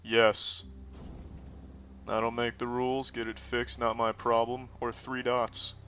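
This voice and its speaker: A man hosting casual gameplay commentary, sarcastic and profane with deadpan jokes. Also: medium pitch, slow, clean tone, faint music behind. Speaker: host reacting and playing a game.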